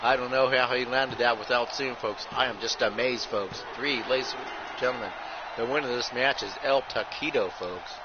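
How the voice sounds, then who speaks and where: A man calling wrestling play-by-play over a video game like a ring announcer, tacking "folks" onto almost every line and bursting into shouts at big moves. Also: medium pitch, moderate pace. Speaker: host and play-by-play commentator. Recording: muffled audio with steady background noise.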